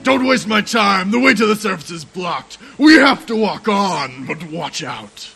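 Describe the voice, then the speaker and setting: Gravelly man barking orders. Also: high-pitched, animated, unhurried, bright, forceful tone, faint music behind.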